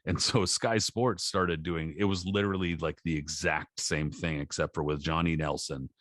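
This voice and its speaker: Low-voiced male podcast co-host, dry close mic, swears freely while telling stories. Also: moderate pace, no echo. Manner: profane, animated storytelling with acted quotes. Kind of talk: casual chat.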